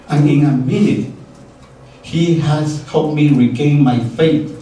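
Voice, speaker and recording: A man's voice: on the high side, mellow, slight background noise. A middle-aged man whose first language is Spanish, telling a heartfelt personal story on stage and acting out the dialogue. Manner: earnest, heartfelt, acts out dialogue. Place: stage in a live venue. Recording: very echoey hall, distant mic.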